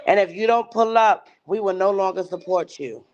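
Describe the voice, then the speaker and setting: A woman's voice: mid-range voice, normal speed, darkish tone. Woman ranting New livestream host. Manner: profane, heated ranting, mocking voices. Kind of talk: livestream rant. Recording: dull lo-fi stream audio.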